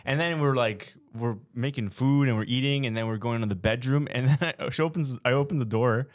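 A man's voice: medium pitch, a little fast. A young man, a comedian and podcast co-host, telling a rambling comic story in casual chat. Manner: rambling, animated storytelling with put-on voices.

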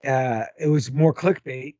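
A man's voice: medium pitch, measured pace, dry recording. A man hosting a casual podcast chat, leading the talk with questions and plenty of ums. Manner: relaxed, leads the talk with questions and hesitant ums. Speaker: podcast host.

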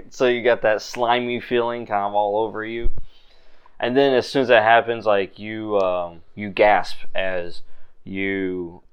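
A man's voice: on the low side, level tone, takes it slowly, clear, resonant tone, lo-fi sound. A man running a tabletop game as game master, narrating loosely with laughs and fillers.

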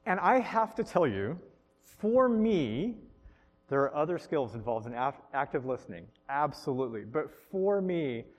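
A man leads a group workshop, coaching participants in an upbeat way and laughing often. His voice sits a bit high for a man. The sound rings with a long reverb, as if the room is a large hall. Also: big pitch swings, a little slow. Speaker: workshop instructor. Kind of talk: classroom teaching to a group.

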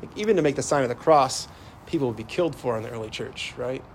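A priest in his thirties gives a casual, story-driven homily in a conversational manner, full of fillers and repeated starts. His voice is mid-range, animated, and fast, with a little hiss or hum.

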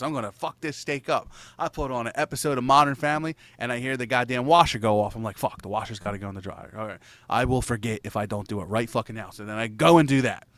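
A man's voice: mid-range voice, a bit bright, dry recording. A man in casual chat, telling a rambling, profanity-laced story and laughing between lines.

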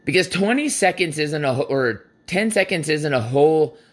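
A man's voice: a little high, animated, normal speed. A man hosting a podcast and telling a workout story in a casual monologue, blunt and full of swearing, acting out what he and others said. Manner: blunt and profane, heavy cursing; acts out his own quoted lines. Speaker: podcast host.

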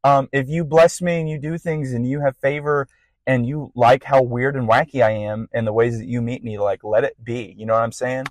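A young man hosting a podcast, telling a personal faith testimony in a casual, rambling way with bursts of excitement. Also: mid-range voice, moderate pace, dry recording, poor audio. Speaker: podcast host.

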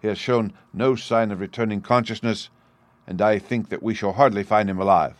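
A man's voice: on the low side, steady tone, normal speed, no echo, natural voice. A man voicing a troubled young man who tells of his family's trouble earnestly. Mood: distressed.

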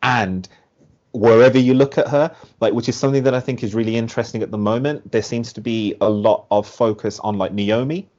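A man rambles through a casual podcast chat, full of fillers and little acted-out quotes. His pitch is ordinary middle, and the sound is dull and lo-fi. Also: fairly even intonation, fairly quick, a little mellow. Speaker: wrestling podcast co-host. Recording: muffled lo-fi sound.

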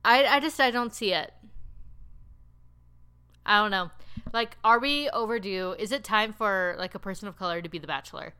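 A woman recapping a TV show in casual chat, rambling and animated with lots of filler words. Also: medium pitch, moderate pace, long pauses, smooth. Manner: animated, laughing storyteller. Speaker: TV recap podcaster.

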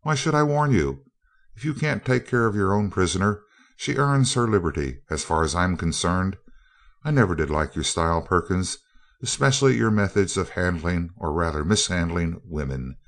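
A man reading the lines of a cold, calm male scientist villain in an audiobook, speaking evenly and clipped. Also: sits low, moderate pace. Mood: coldly calm. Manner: cool, even and clipped. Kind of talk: audiobook character voice.

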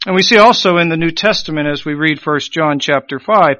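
A man preaching a sermon with emphasis, swelling on key phrases and dropping low at the ends. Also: a little fast, hardly any pauses, pushed and bright, no echo. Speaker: pastor.

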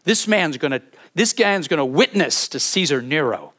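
A male pastor delivering a sermon in an animated, emphatic way, often repeating words as he builds a point and prompting the congregation to answer back. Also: a little high, normal speed. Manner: leads congregation call-and-response.

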